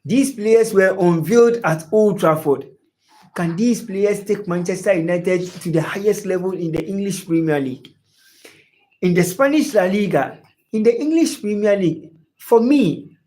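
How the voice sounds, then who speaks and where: Man, high voice, live-stream football host, repeats himself, calls viewers by name. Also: expressive, measured pace, warm tone. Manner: talks straight to viewers by name, repeats phrases. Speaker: sports show host.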